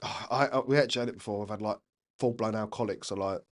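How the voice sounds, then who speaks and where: A young man, chatting as a podcast guest, an animated storyteller who swears freely. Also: on the low side, quick pace. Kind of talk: casual chat.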